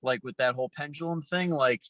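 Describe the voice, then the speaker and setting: A man hosts a podcast in relaxed, joking chat, his voice bright and forward. The sound is dry and close, with no room around it, and he leans on fillers as he talks. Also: a little high, fairly quick, no echo, low-quality recording. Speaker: podcast host, strength coach.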